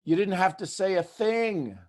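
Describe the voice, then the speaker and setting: A man hosting a motivational talk, firing rhetorical questions at listeners and swinging between hushed asides and loud bursts. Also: high voice, animated, unhurried. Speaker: host.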